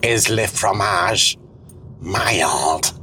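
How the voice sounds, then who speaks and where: A man's voice: on the low side, very slow, bright, forceful tone, a little hiss or hum, heavily acted. A man voicing Margaret, a foul-mouthed old wife. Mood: nagging. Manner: crude, nagging, sarcastic.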